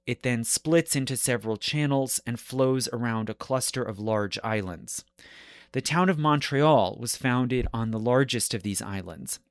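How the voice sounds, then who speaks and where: A man hosting a history podcast, explaining the geography in a measured lecture style and correcting himself as he goes. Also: mid-range voice, dry recording.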